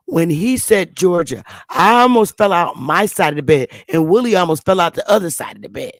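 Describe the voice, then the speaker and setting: A woman's voice: lowish voice, expressive, normal speed, no echo. A woman hosting her own channel, telling a rambling story in a casual monologue, often repeating and restarting words. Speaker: channel host.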